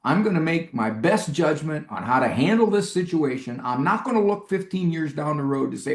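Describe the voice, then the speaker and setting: Animated, gravelly-voiced man telling stories. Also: fairly quick, hardly any pauses, echoey room. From United States. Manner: humorous, acts out quoted voices with big pitch jumps. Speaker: clinical psychologist and guest. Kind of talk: animated storytelling interview.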